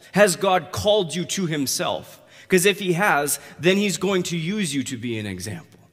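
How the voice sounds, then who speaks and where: A male pastor preaching a conversational sermon that rises to emphatic, loud passages. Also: fairly high pitch. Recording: long hall reverb.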